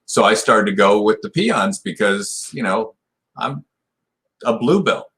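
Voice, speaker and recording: This martial arts black belt in his sixties, a podcast guest, has a fairly low, fairly bright voice with lively intonation and an unhurried pace. He rambles through a long retelling, full of restarts and "you know."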